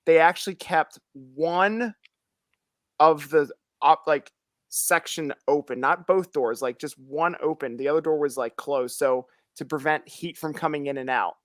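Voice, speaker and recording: A man's voice: fairly high pitch, a bit bright, no room sound, studio quality. A man in casual chat who tells stories with lots of energy, acts out the voices of the people he quotes, and laughs often.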